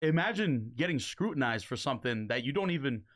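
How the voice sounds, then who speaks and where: A young man co-hosting a casual podcast, talking in an animated, swearing way and slipping into mock voices. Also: mid-range voice, brisk. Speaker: podcast co-host.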